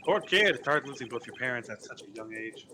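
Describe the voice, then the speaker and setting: Man reads a sincere young attorney, crisp and bright. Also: mid-range voice, animated, a little fast. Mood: earnest.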